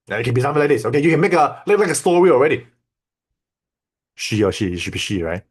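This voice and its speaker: A man's voice: medium pitch, big pitch swings, quick pace, pauses often, breathy edge. A man in the middle of a casual screen-share tutorial, talking in an everyday mid-range voice. He teaches loosely and repeats himself, often checking that his students are following along. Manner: loose, repetitive teaching with frequent "okay?" and "right?". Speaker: online course instructor.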